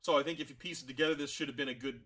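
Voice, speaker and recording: A man co-hosting a rugby podcast in casual chat, animated and jokey, acting out players' thoughts. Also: on the high side, racing. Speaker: podcast co-host.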